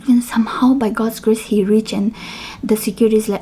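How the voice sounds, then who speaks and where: A young woman vlogging at home, telling a personal story in a chatty, animated way, with fillers and quiet whispered asides. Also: a little high, fairly quick, slightly rough. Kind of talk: casual storytelling.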